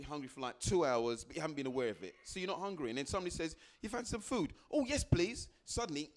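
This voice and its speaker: A man giving a motivational talk to a live audience, repeating phrases for emphasis and acting out little exchanges with sudden jumps into a high voice. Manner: animated, acts out little dialogues with sudden high jumps in pitch. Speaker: guest speaker.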